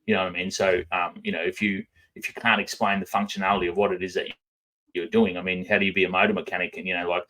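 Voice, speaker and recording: An Australian man talks casually on a podcast in a low voice. His words come out in a lazy drawl through a barely open mouth. He fills his pauses with frequent ums. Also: level tone, bright, forceful tone. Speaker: guest. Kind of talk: casual conversation.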